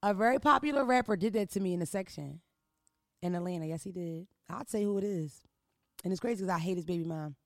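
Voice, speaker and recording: A woman hosting an advice podcast in a studio, telling stories in a loud, profane, animated way. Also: fairly low pitch, quick pace, no room sound. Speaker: podcast host giving advice. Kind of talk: casual comedic chat.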